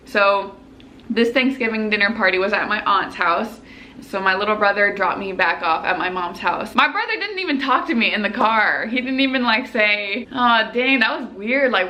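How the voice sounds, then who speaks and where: Young woman med student vlogging a storytime, bright voice, says like a lot. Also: mid-range voice, slight background noise. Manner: animated and chatty, lots of "like" fillers. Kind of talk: casual storytelling to camera.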